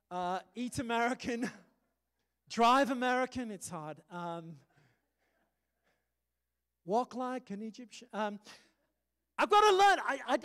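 A man's voice: extremely high pitch, a bit bright. A British man preaching a sermon, emphatic and humorous, with sudden punchy exclamations. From Britain. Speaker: pastor. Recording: long hall reverb.

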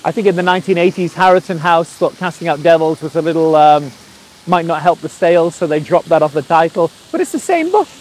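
A man, preaching through a personal story in a lively way and acting out the quotes. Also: on the high side, a little fast, poor audio. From England. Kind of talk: storytelling sermon.

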